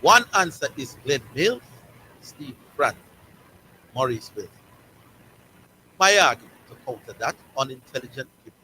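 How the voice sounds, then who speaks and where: Bright-voiced Jamaican sports host. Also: male voice, medium pitch, big pitch swings, moderate pace, pauses often, a little hiss or hum, rough recording. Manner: emphatic, repeats words and phrases for stress. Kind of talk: opinionated sports talk.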